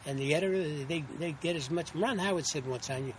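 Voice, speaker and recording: A man with a notably high voice spins his show-business stories in a loose, rambling way, stopping and restarting as he acts out other people's lines. He sounds middle-aged, and a faint noise floor sits under the conversation. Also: fast talker. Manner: rambling, animated anecdotes with acted-out quotes and many restarts. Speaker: actor and interview guest. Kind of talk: casual interview storytelling.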